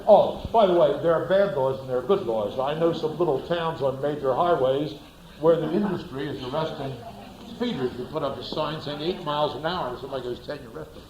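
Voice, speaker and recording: A man's voice: a little high, a little fast, roomy sound, dull audio, background noise. A man giving a classroom lecture, asking the class rhetorical questions and acting out little scenes.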